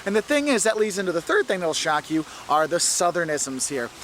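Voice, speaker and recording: An enthusiastic man with a fairly high voice presents a travel video. He talks straight to the camera outdoors on a city street, with faint traffic noise behind him. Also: big pitch swings, a little fast, fairly bright tone.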